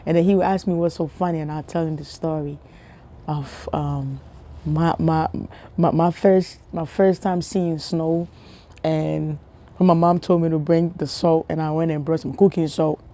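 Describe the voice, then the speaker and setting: A woman's voice: deep voice, fairly even intonation, moderate pace, warm tone. A woman from Ghana with a Ghanaian accent tells a story in a casual vlog, talking straight to her viewers and asking them questions. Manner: chatty, talks straight to viewers with rhetorical questions. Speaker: vlogger.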